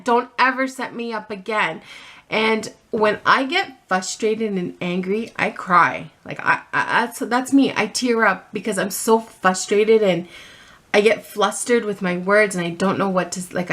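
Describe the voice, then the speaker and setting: A middle-aged woman telling a personal story on her vlog, animated and a little flustered, with many restarts. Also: mid-range voice. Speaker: vlogger.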